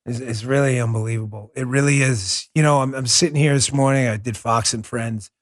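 A man's voice: mid-range voice, fairly even intonation, a little fast. A man hosting a political podcast, reading ads and ranting in heated, mocking commentary. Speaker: podcast host.

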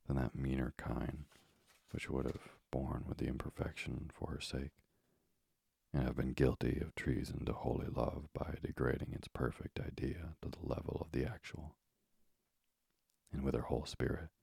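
Very deep gravelly male narrator. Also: darkish tone, no echo. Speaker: audiobook narrator. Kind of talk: literary narration.

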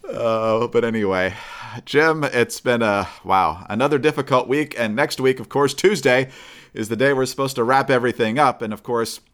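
A man hosting a political podcast, steady and measured with a wry edge, closing out the show. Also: medium pitch. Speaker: podcast host. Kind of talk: political chat and show outro.

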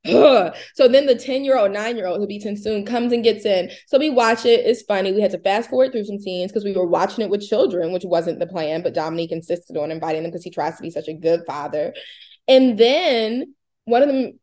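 A woman in her thirties talks quickly and at length. She chats casually as a co-host and rambles through her stories, acting out the voices of the people in them. Her pitch sits in a middle range. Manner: rambling storyteller, animated quoting. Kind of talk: casual chat.

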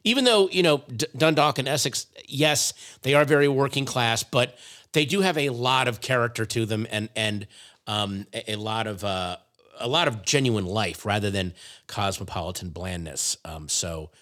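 A man hosting a podcast in casual chat, rambling and halting with plenty of ums. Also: mid-range voice, a bit bright. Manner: rambling, halting with many fillers. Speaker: podcast host.

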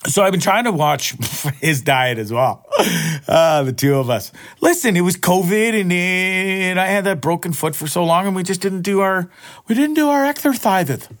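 A man in his forties talks alone into a podcast microphone, rambling from one story to the next with plenty of swearing and jokes at his own expense. His pitch swings widely and sits a little high for a man. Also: lively intonation, moderate pace. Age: 40s. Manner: profane, rambling, self-mocking banter. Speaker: podcast host. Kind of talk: solo podcast monologue.

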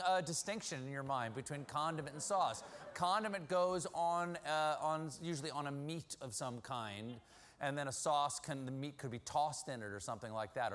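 A man's voice: a little high, a bit bright. A middle-aged man hosting a casual question session with a studio audience, telling stories in a playful, self-mocking way. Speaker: talk show host.

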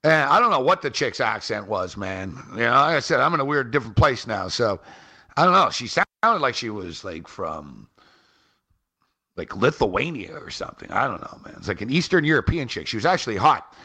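On a trip in Halifax, a fantasy sports radio co-host rambles through a story in casual chat, animated and peppering it with "like" and "man." His voice is medium-pitched and slightly rough, moving at a moderate pace.

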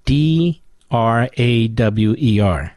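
A man's voice: medium pitch, lively intonation, very slow, a little mellow, dry recording. A man with a Philadelphia accent hosting a talk radio show, delivering a sarcastic, combative monologue.

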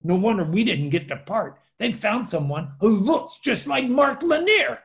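A man's voice: high voice, very animated, unhurried, gravelly, fairly bright tone, pitched above the performer's own voice, exaggerated voice. A man doing an eager chatty film extra. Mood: excited.

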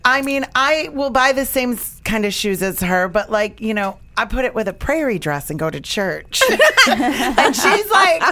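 A woman's voice: on the high side, big pitch swings, a little slow, heavy background noise. A middle-aged woman from the Chicago area, a podcast guest in a casual chat, rambling with many fillers and laughing often.

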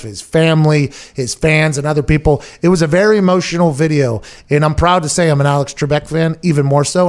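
A man hosting a sports talk show in casual, joking chat. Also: on the high side. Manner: joking, animated, hamming it up.

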